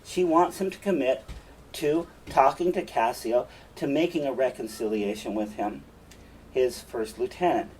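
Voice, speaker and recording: A man teaching a classic play, walking through it line by line. He paraphrases each line in casual, emphatic words, in a voice of middle pitch. The mic sits some way from him and picks up a faint hum of the room. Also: normal speed, a little mellow, far from the mic, poor audio.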